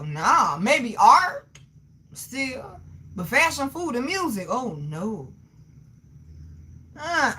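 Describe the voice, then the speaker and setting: High, bright woman in her thirties, brash livestream host, loud, swearing, quick to laugh. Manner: animated, loud, laughs often, salty slang. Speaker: livestream host reading chat. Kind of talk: casual chat.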